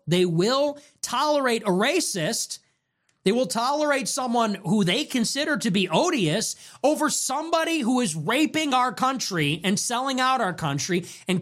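A man's voice: extremely high pitch, fairly bright tone. A young man hosting his own show, delivering a heated political monologue with strings of rhetorical questions and some swearing. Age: young adult. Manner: ranting, rapid-fire rhetorical questions, profane. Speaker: show host.

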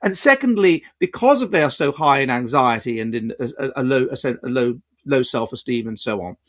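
A man hosting an educational video, explaining in a measured, lecturing way with restarts and quiet asides. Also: medium pitch, lively intonation. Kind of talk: explanatory talk to camera.

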